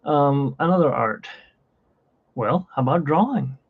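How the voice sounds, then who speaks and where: A man's voice: medium pitch, lively intonation, a little slow, creaky, slightly rough. A man hosting a casual livestream from his phone, rambling and chatty with frequent laughs, in dull lo-fi phone audio. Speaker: livestream host.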